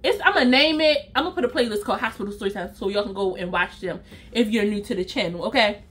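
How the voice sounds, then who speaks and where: A woman's voice: mid-range voice, fast, fairly bright tone, slight background noise. A young woman vlogger telling a story in a casual way, speaking straight to her viewers and acting out her own reactions.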